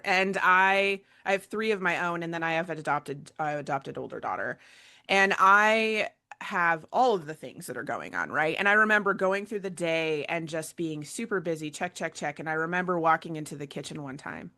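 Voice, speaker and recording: Bright-voiced woman coach telling a story. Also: fairly low pitch. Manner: animated storytelling with many fillers and laughs. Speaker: burnout prevention coach, panel moderator. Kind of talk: casual panel chat.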